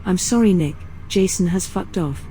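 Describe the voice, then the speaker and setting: A weary female crew member reporting bad news in a dry, apologetic tone, voiced by a woman streamer. The voice sits a little low, with a mellow, dark tone. Faint music plays behind it. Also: normal speed, natural voice, poor audio.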